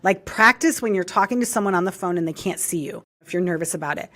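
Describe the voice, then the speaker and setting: A middle-aged woman talking as an interview guest, animated and expressive, acting out the reactions she quotes. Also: lowish voice, fast talker. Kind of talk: interview conversation.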